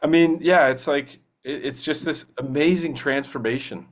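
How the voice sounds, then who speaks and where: A male voice actor, a guest in a casual interview, chatting eagerly and rambling with many fillers and restarts. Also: on the high side. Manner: slips into quick movie-character impressions.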